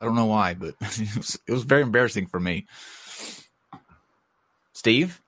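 A man's voice: fairly low pitch, normal speed, a bit bright, breathy edge, dry recording. A man with a stuffy cold hosting a podcast in casual chat, rambling with lots of fillers and restarts. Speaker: podcast host.

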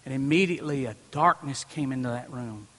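A pastor preaching a sermon from a church platform, telling a personal story and swinging from hushed moments to loud preaching. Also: male voice, medium pitch, a little fast. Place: church platform before a congregation. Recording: long reverb in a large hall.

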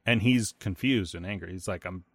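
A man's voice: low-pitched, moderate pace, no echo, studio quality. A man co-hosting a podcast, chatting casually in an easygoing, storytelling way. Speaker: podcast co-host. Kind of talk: casual chat.

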